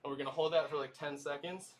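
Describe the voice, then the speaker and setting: A man's voice: fairly high pitch, fairly even intonation, quick pace. Man, fitness trainer, livestream workout cues, easygoing, distant camera mic, faint background noise. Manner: easygoing, coaching with lots of "y'all" and "okay?".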